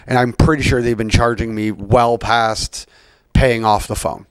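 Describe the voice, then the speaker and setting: A man's voice: medium pitch, steady tone, unhurried, clear, resonant tone, no room sound. Rambling, profane man. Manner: rambling, profane, frequent fillers. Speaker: podcast host. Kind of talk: casual rant.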